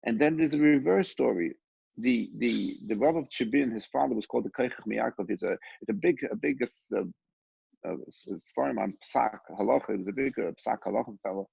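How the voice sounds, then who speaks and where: A man with a deeply gravelly, husky voice gives a Torah lesson, telling stories slowly and haltingly, often pausing to find his words. The sound is dry and dull, like a lo-fi home recording. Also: darkish tone, dry recording. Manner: unhurried, halting, many pauses and restarts. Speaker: Torah teacher. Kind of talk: Torah class with storytelling.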